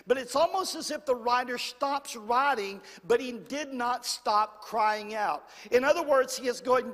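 A man's voice: very high voice, measured pace, hardly any pauses, fairly bright tone. A man preaching a sermon to a congregation, repeating phrases and calling for amens. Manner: preacherly, repetitive, calls for amens. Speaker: pastor. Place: church hall. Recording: long hall reverb.

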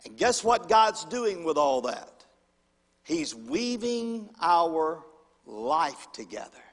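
A male pastor preaching a sermon, calling for amens and swinging between loud and hushed delivery. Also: high-pitched. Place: church sanctuary. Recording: long hall reverb.

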